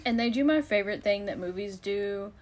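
A woman's voice: mid-range voice, fairly quick, a little mellow. A woman chatting casually about a movie she just watched. Her delivery is loose and talkative, full of fillers and easy laughter. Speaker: co-host reviewing a movie. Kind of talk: casual chat.

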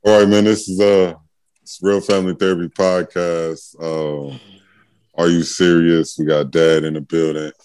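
A man's voice: low voice, flat delivery, measured pace, darkish tone, clear, resonant tone, no echo. A man hosting a casual family podcast, laid-back and steering the talk along with easy fillers. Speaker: podcast host.

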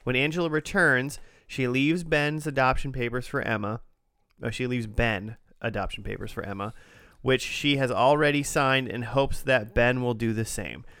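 A man's voice: medium pitch, normal speed, fairly bright tone, clean tone, no echo, clean studio sound. A man co-hosting a casual podcast chat, joking and rambling with lots of fillers. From Minnesota. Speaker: podcast co-host.

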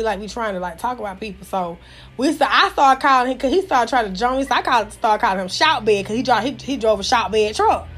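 Brash, profane high-voiced woman. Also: fairly bright tone. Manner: brash, profane, mocking, laughs often. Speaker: storyteller. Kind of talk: casual raunchy storytelling.

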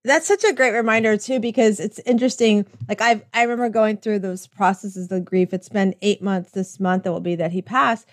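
A woman's voice: mid-range voice, steady tone, a little fast, few pauses, dry recording, clean studio sound. A middle-aged woman hosting a casual chat, rambling and acting out remembered conversations. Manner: chatty, rambling, acts out quoted exchanges. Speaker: host.

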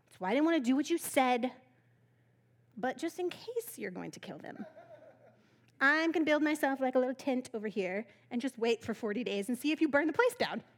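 A woman's voice: high voice, lively intonation, brisk. Woman putting on an indignant, sulking Jonah. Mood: ranting. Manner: bratty, exasperated ranting. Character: indignant sulking adult male prophet.

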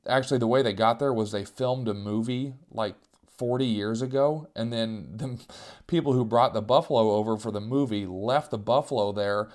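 A man telling a comic story about himself, animated and self-mocking, sometimes jumping into higher voices to act out what people said. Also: moderate pace. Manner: self-mocking, animated, jumps into squeaky voices for quoted cries.

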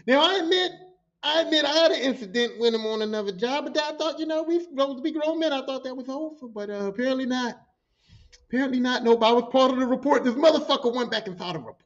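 Profane, animated man telling work stories. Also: very high voice, fast, highs cut off. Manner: profane, animated, acts out quotes. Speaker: podcast host. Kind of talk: storytelling.

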